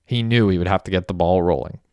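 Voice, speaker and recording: A man reading a story aloud as a narrator, in a steady, even storytelling manner. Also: deep voice, quick pace, clear, resonant tone, no room sound, studio quality. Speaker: audiobook narrator. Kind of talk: scripted narration.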